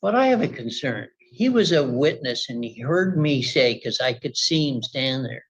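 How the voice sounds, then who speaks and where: A man with a husky voice answering back in a courtroom dispute. He gives his rebuttal briskly, asking rhetorical questions and answering them himself. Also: mid-range voice, lively intonation, rough recording. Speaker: opposing party in a courtroom dispute.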